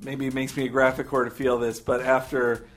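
A man's voice: mid-range voice, flat delivery, fairly quick, soft background music. A man talking casually and with strong opinions about video games, with many fillers. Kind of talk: casual gaming chat.

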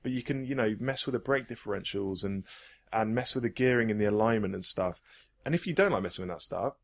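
A man's voice: on the low side, quick pace, vocal fry. A man chatting enthusiastically on a podcast, rambling with frequent restarts. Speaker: podcast host. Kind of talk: casual podcast chat.

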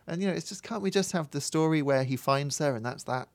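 A man's voice: on the high side, quick pace, vocal fry, no echo. A man co-hosting a casual podcast, explaining things at length with plenty of ums and ahs. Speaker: podcast co-host. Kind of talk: casual chat.

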